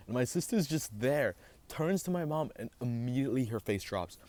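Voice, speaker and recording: A young man hosting a casual storytime vlog, animated and swearing as he gets heated. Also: mid-range voice, normal speed. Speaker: vlogger host.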